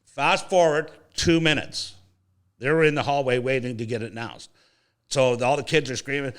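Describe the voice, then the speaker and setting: A man's voice: medium pitch, fairly quick. A man hosting a sports podcast, telling a casual anecdote with swearing and acted-out quotes. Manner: animated, swearing, acts out voices in anecdotes. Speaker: podcast host. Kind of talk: casual storytelling chat.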